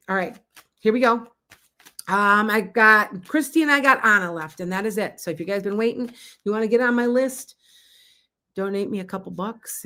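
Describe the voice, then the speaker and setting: A middle-aged woman hosts a live-stream tarot reading. She talks in a loose, rambling way, breaking off and restarting her sentences. Her voice sits at a middle pitch for a woman. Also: pushed and bright. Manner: chatty, rambling, with laughs and restarts. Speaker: psychic tarot reader.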